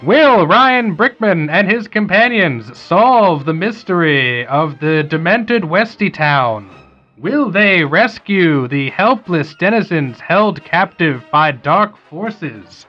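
A man's voice: high voice, expressive, muffled recording, faint music behind, heavily acted. A man doing an old-time radio announcer. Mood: dramatic. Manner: slow, dramatic announcer delivery.

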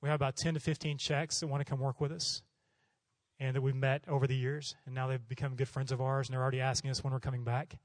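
Fast-talking animated male preacher. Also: medium pitch, no echo. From Oklahoma. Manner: animated, acts out voices in his stories. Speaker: missionary preacher. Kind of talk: storytelling sermon.

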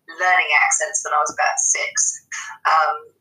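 A woman's voice: deep voice, flat delivery, unhurried, bright, forceful tone, recorded from a distance, soft background music. A woman from England, an accent and dialect coach, chatting in an interview over a phone call with many ums. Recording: echoey phone line from afar.

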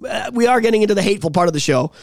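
A man's voice: high voice, expressive, very fast, creaky, dry recording, clean studio sound. A man hosting a podcast, ranting in a heated, profane way in casual chat. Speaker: podcast host.

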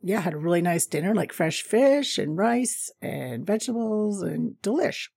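A woman's voice: on the low side, very animated, normal speed, vocal fry, darkish tone, breathy edge, no echo, clean studio sound. A middle-aged woman from North America telling a rambling, chatty travel story, laughing often.

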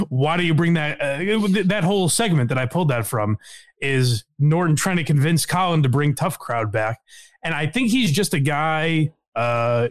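A man's voice: fairly high pitch, dry recording, clean studio sound. A man hosting a podcast in casual chat, rambling with fillers and laughing often. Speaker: podcast host.

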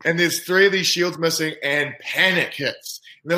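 A man, a rugby player guest telling an animated story in casual chat. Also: a little high, normal speed. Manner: lively, animated anecdote-telling. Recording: roomy echo.

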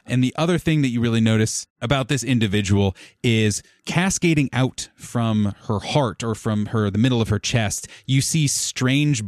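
A man narrating as game master of a tabletop game, describing scenes in a relaxed, rambling way with fillers. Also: medium pitch, normal speed, hardly any pauses, no room sound, studio quality.

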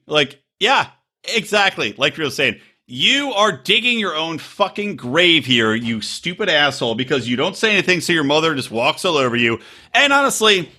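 A man's voice: a little high, big pitch swings, moderate pace, bright, forceful tone, husky. A man co-hosting a podcast in casual chat, crude and emphatic, often slipping into mock voices. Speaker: podcast co-host.

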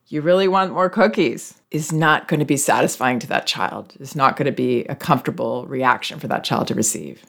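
A parenting advice host speaking calmly and reflectively as they answer listener questions. They explain patiently and reassure parents. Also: mid-range voice, creaky.

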